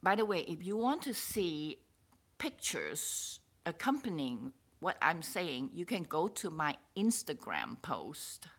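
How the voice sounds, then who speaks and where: Slow-talking, emotional woman vlogger. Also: sits low, husky. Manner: rambling, restarts and repeats words, excitable. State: emotional, stirred up. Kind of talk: personal vlog, emotional monologue.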